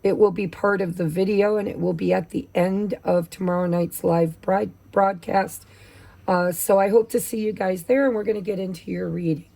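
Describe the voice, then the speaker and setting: A woman with a gravelly voice, losing her voice from allergies, doing a chatty, casual tarot reading. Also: medium pitch, fairly even intonation, normal speed, dark tone. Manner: chatty, with many fillers. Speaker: tarot reader.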